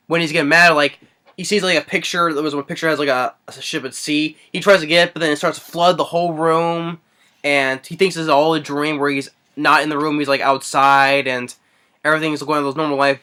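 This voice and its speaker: Bright-voiced man rambling through a film recap. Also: on the high side, clean tone. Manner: rambling, hesitant, heavy on fillers. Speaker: movie reviewer. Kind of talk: casual spoken movie recap.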